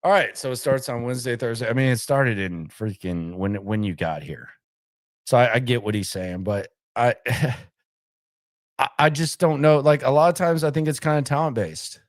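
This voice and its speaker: A man with a mid-range voice speaks at normal speed while hosting a live sports talk stream. He's emphatic and repetitive, hammering his points home and rambling with restarts and asides.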